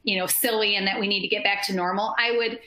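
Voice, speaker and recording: An energetic woman with a strong Midwestern accent presents a marketing webinar in a bright, forceful voice. She talks upbeat and fast, with plenty of ums, and the sound rings in an echoey room. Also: medium pitch, slight background noise. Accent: Midwestern American. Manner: upbeat, energetic, many fillers. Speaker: marketing speaker.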